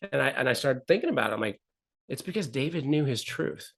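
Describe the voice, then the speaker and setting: A man's voice: mid-range voice, expressive, a little fast, creaky, slightly rough. A middle-aged man, a guest on a talk show, telling a personal story in an earnest way and acting out the people he quotes. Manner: earnest, repeats phrases, acts out quotes. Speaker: podcast guest. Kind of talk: candid storytelling interview.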